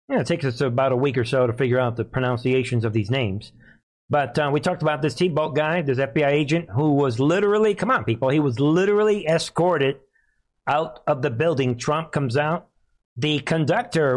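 A man delivering a political commentary monologue as a show host, his voice sitting a little high. He talks emphatically and leans on rhetorical questions. His pitch jumps up sharply on key words. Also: moderate pace.

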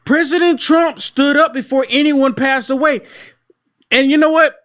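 A man's voice: extremely high pitch, steady tone, normal speed, a bit bright. A man co-hosting a casual political chat, emphatic and peppering his talk with "dude". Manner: emphatic, keeps saying dude. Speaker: podcast co-host.

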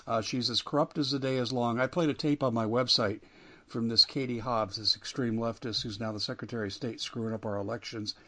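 A man's voice: medium pitch, steady tone, a little fast, a bit bright. A man hosting a talk radio show, delivering an emphatic monologue that rises and falls with indignation. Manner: emphatic, rising and falling with indignation.

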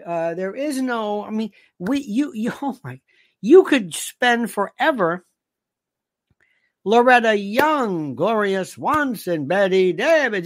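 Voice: mid-range voice, fairly bright tone, no room sound, clean studio sound. A host from the United States giving an opinionated monologue and reading out viewer comments, ranting and sarcastic, full of insults and rhetorical questions.

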